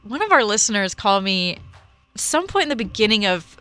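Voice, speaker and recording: A woman's voice: medium pitch, sing-song, fairly quick, pushed and bright, soft background music. A woman from Texas hosting a radio show, chatting casually, laughing easily and trailing off mid-sentence. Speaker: radio host. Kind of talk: casual on-air chat.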